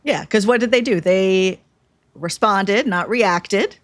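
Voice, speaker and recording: A woman's voice: mid-range voice, takes it slowly, no room sound. Thoughtful woman podcast cohost. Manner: thoughtful, asks reflective questions. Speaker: podcast co-host. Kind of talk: casual podcast chat.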